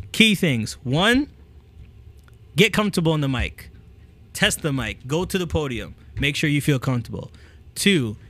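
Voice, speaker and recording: A man hosting a talk, giving casual speaking tips into a handheld microphone and often checking in with "okay?". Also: a little high. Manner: energetic, repeats "okay?" to check in; demonstrates with the mic, moving it near and away. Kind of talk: casual coaching talk to camera.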